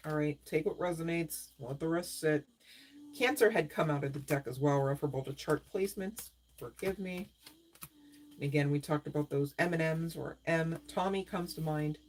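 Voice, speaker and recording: Chatty low-voiced woman tarot reader. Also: normal speed, a little mellow, a little hiss or hum. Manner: chatty, repeats "right?" and "you guys", laughs often. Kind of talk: live-stream tarot reading.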